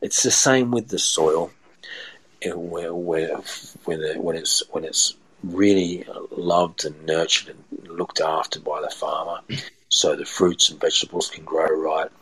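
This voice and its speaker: A man's voice: deep voice, fairly even intonation, a little slow, a bit bright, slightly rough, rough recording. A man, a chef chatting as a podcast guest and telling rambling stories with many restarts. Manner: rambling, repeats and restarts phrases. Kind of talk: casual storytelling chat.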